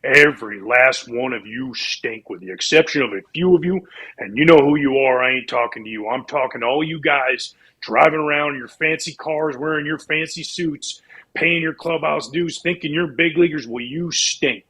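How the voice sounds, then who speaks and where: A man doing a gruff, husky ball-club manager. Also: a little high, normal speed, pushed and bright. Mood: furious. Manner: berating, profane tirade. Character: furious older male baseball manager, gruff.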